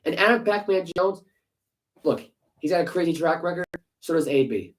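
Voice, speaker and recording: A man's voice: a little high, lively intonation, moderate pace, poor audio. A man co-hosting a sports podcast, ranting heatedly with profanity and sarcastic rhetorical questions. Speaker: podcast co-host. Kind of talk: casual sports podcast rant.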